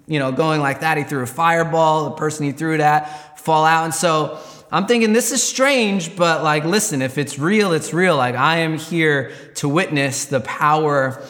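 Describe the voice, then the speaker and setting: A man's voice: on the high side, fairly bright tone, big-room sound. A man giving a candid personal testimony, rambling and restarting as he recounts events. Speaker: Christian storyteller.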